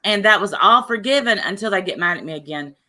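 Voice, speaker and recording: A woman with a bright, clear tone talks in a live stream chat. She presses her points insistently and defends herself. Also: mid-range voice, expressive, quick pace.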